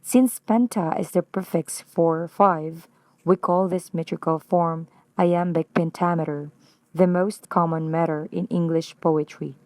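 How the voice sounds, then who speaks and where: A woman with a Filipino accent reading a prepared lesson on poetry, slow and careful. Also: lowish voice, fairly even intonation, a little mellow, no echo. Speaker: student presenter.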